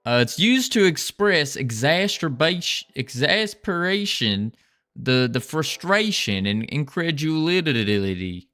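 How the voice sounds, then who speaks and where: A man's voice: fairly high pitch, sing-song, slow, sharp tone. A man on a casual livestream, rambling and thinking aloud with small restarts while he works on code. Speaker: game developer streaming.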